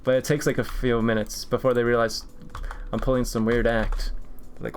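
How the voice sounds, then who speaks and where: A young man chats casually on a stream while he draws, at an ordinary mid pitch. He rambles from one jokey tangent to the next and laughs often. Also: flat delivery, moderate pace, a little hiss or hum. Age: 20s. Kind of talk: casual chat while drawing.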